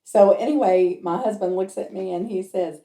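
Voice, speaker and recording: A woman's voice: medium pitch, moderate pace, mellow. A woman who works as a medium tells a personal story in a chatty way and acts out the people in it. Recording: roomy echo.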